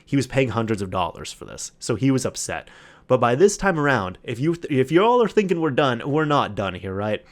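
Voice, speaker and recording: A man hosting a solo podcast, telling a long anecdote in a casual, animated way, acting out the other people's lines and often restarting his sentences. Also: mid-range voice, fairly quick. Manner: animated retelling with quoted voices, frequent restarts. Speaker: podcast host.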